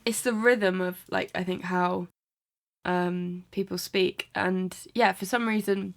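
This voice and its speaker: A woman's voice: lowish voice, steady tone, creaky. English-accented woman podcast co-host. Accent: English, with faded traces of a Kiwi twang. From New Zealand. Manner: quick back-channel replies, laughs easily. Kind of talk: casual chat.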